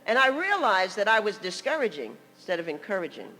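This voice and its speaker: Bright-voiced older woman preaching with humor. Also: medium pitch, fairly quick. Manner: lively, laughing storyteller. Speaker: guest preacher. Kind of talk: humorous sermon storytelling. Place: church sanctuary. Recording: long church hall reverb.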